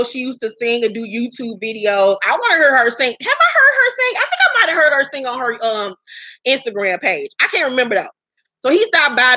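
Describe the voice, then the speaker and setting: Bright, blunt woman recapping TV. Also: on the high side, no room sound. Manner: blunt, profane, chatty. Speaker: reality TV recap vlogger. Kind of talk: casual episode recap.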